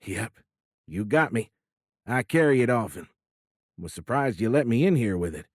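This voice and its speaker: Nasal Midwestern older president, as a man does him for an audiobook; gruff, loud, folksy. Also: mid-range voice, animated, moderate pace, dry recording, studio quality, lightly acted. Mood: jovial. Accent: Midwestern American. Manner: gruff and plainspoken, raised voice.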